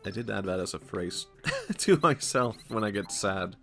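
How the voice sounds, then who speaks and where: A man with a low, gravelly voice rambles through casual gaming commentary. He jokes around and laughs often, with faint game music under him. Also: big pitch swings, moderate pace, fairly bright tone. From Sweden. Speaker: streamer.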